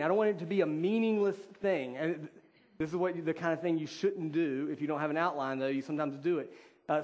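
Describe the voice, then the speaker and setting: A man preaching a sermon in an earnest, conversational way, with fillers, reading scripture slowly and deliberately. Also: fairly high pitch. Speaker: pastor.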